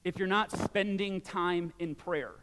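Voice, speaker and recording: Man, forties, pastor, casual animated sermon, high voice, church hall echo. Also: measured pace, background noise. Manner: conversational, animated preaching with asides. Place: church sanctuary.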